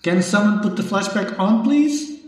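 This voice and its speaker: A man's voice: high voice, animated, normal speed. A man hosting a comedy podcast sketch, delivering his lines in a theatrical, gloating way. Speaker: podcast host. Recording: echoey room, far from the mic, faint music.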